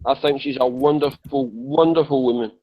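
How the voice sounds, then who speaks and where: A man with a mid-range voice speaks at a normal speed with fairly even intonation, sounding woozy and drowsy from medication. He's a panelist in an online chat room, rambling, apologizing, and repeating himself in an emotional voice chat. The audio is dull and lo-fi, typical of voice chat.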